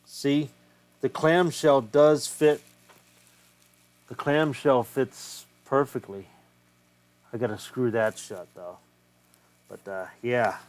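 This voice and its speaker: Slow, easygoing man narrating a repair. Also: medium pitch, fairly even intonation. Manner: swears freely, thinks aloud while working. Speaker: retro game collector. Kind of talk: casual hands-on repair vlog.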